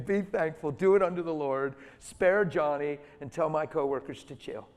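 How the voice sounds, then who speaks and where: A middle-aged man preaching through a personal story, animated and emphatic, acting out the voices of the people in it. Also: on the high side, normal speed, hardly any pauses. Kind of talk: storytelling sermon. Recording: long hall reverb.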